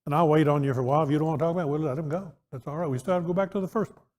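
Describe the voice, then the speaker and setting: A man's voice: fairly high pitch, very fast, darkish tone. A man teaching an interactive Bible class in a conversational way, asking his listeners questions and often restarting his sentences. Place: church auditorium. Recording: echoey church hall.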